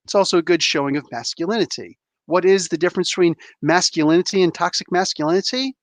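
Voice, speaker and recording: Animated man in his forties ranting. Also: high voice, fast talker, no echo. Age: 40s. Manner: animated, emphatic, acts out voices. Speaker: comic book show host. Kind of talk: opinionated live-stream monologue.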